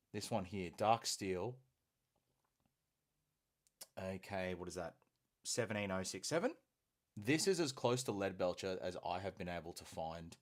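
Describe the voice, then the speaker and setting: An Australian man hosting a hobby painting stream, chatting casually and enthusiastically with plenty of fillers. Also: low voice. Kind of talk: casual live-stream chat while painting.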